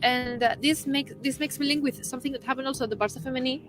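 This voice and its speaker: A woman's voice: sits high, steady tone, rapid-fire, slight background noise. Earnest woman co-host. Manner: earnest, slips into Spanish phrases. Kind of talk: casual live-stream chat. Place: studio.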